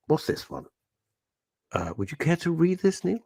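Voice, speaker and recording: Give me a man hosting radio, chatty and teasing, with a very animated pitch. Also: moderate pace, gravelly, pauses often, breathy edge, no room sound, clean studio sound. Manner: playful, teasing, laughs often, reads out messages in put-on voices. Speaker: radio host. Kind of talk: casual radio chat. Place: radio studio.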